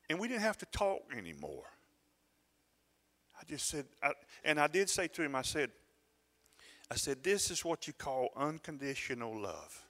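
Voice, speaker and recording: An older man, preaching a sermon as a pastor in a conversational, storytelling way, often halting and restarting his sentences. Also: fairly high pitch, sing-song, bright, forceful tone. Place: church sanctuary. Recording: reverberant church hall.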